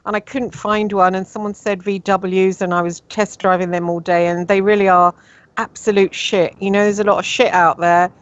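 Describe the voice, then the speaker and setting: A woman's voice: medium pitch, little pitch movement, moderate pace, dry recording, muffled recording. A woman with an English accent hosting a radio show, chatting casually and with some exasperation, with many fillers.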